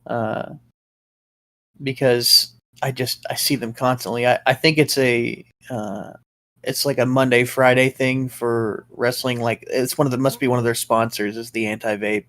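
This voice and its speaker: A man's voice: medium pitch, fairly even intonation, measured pace, a bit bright, dry recording. A man co-hosting a casual talk show, ranting in a rambling, profane way. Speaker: co-host. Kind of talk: casual chat.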